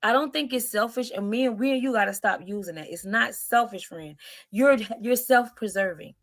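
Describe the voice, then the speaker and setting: A woman's voice: fairly high pitch, normal speed, dry recording, studio quality. A woman in her forties on a podcast, speaking in an earnest, encouraging way with a preachy lilt. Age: 40s. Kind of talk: podcast talk.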